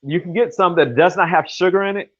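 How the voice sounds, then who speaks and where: An older American man hosts a casual cooking livestream from his home kitchen, chatting and rambling with jokes and self-corrections. His voice is high-pitched and fairly quick, and the audio sounds dull.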